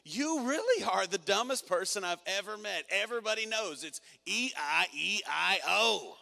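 Man doing a scornful young football player, loud, higher than his own voice, bright, hall reverb. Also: animated, moderate pace, vocal fry, heavily acted. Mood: exasperated. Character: exasperated young male college football player.

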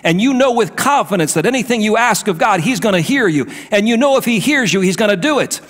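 A middle-aged male pastor delivers his sermon in a high-pitched voice. His delivery is animated, with pitch leaping around. He shifts from soft, confiding asides to bold, emphatic declarations. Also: fast talker. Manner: animated preaching, swings between hushed and emphatic.

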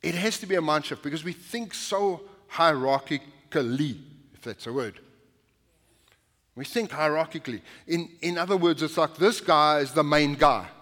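A man's voice: a little high, moderate pace, fairly bright tone, long reverb tail. A male pastor preaching a sermon in a conversational, anecdotal way, often restarting his sentences. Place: church sanctuary.

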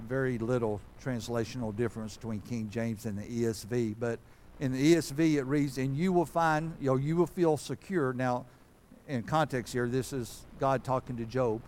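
A man's voice: mid-range voice, darkish tone, a little hiss or hum. A man, a pastor giving a folksy, conversational sermon that builds to fervent preaching.

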